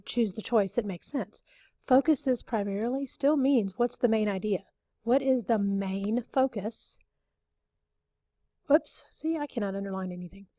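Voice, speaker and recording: Woman teacher, mid-high and mellow, patient and repetitive, dry close recording. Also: dry recording. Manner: explains patiently, repeats and rephrases, frequent okays. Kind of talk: recorded classroom lesson.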